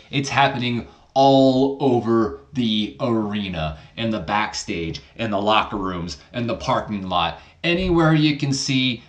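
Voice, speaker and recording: A man with a fairly low voice narrates a wrestling sim playthrough in a loose, rambling way. He is casual and pokes fun at himself as he goes. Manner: rambling, casual, self-deprecating. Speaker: channel host.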